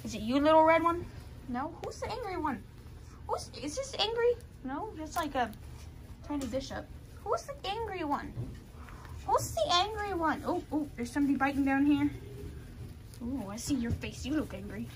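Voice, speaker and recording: A woman, chatting to puppies in a gushing baby-talk voice that jumps high into squeals. Her pitch is high and swings widely. Puppy noise fills the background. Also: sing-song, normal speed, long pauses. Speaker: dog breeder vlogger. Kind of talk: casual chat with puppies. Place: puppy pen with dogs.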